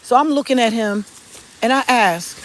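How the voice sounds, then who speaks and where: A vlogger chatting casually on a live stream from an outdoor garden, telling stories bluntly with swearing and excited exclamations. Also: medium pitch, moderate pace, slight background noise. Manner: animated, blunt storytelling with swearing; excited exclamations while looking at plants. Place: outdoors in a garden among fruit trees.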